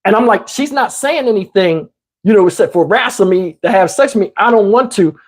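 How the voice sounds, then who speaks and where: A man in his fifties hosting a livestream, telling a story casually and profanely, animated and rambling with many restarts. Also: high voice, brisk. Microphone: wearing a microphone.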